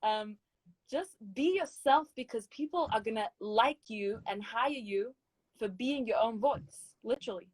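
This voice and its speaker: A woman's voice: a little high, a little slow, husky, dry recording, rough recording. A woman with a British accent, a guest singer giving emphatic, encouraging advice in a casual chat interview. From Britain.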